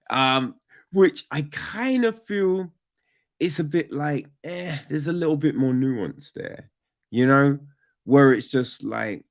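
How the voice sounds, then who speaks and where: Male podcast reviewer, unhurried and expressive, rambling rants full of profanity. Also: fairly high pitch, gravelly. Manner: animated, profane, rambling, with sudden loud outbursts. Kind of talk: casual film review monologue.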